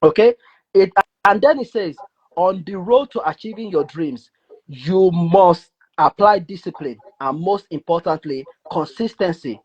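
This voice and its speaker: Man, Nigerian accent, measured and lecturing, husky voice, dull lo-fi sound. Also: high-pitched, expressive, a little mellow. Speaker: debate participant. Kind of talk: heated live audio debate.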